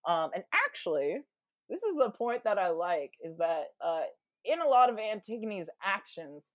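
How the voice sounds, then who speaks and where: A woman's voice: mid-range voice, very animated, normal speed, dry recording, clean studio sound. A woman guest on a podcast, retelling a story casually with lots of fillers and playfully acting out quoted lines. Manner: chatty, many fillers, acts out quoted lines in playful voices.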